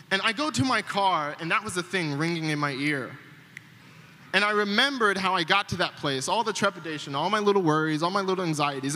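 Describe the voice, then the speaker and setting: Young male pastor, storytelling sermon, high bright voice, long church-hall reverb. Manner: animated, acts out quoted voices. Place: church sanctuary.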